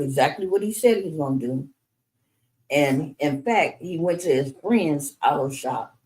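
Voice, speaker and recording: A woman's voice: low-pitched, a little mellow, poor audio. A middle-aged woman telling her son her life story, frank and conversational, with frequent restarts. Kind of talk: candid personal storytelling in conversation.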